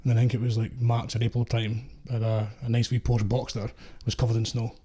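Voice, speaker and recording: Sweary Scottish man, mellow voice. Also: mid-range voice, little pitch movement, brisk, breathy edge. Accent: Scottish, East Coast. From Scotland. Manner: blunt, sweary storytelling with laughs. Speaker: podcast guest, former security contractor. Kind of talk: casual chat.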